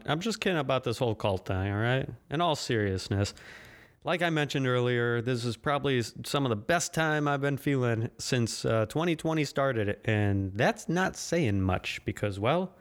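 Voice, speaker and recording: A man's voice: medium pitch, lively intonation, normal speed. Rambling, sarcastic male podcast host. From United States. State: caffeinated. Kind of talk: solo podcast monologue.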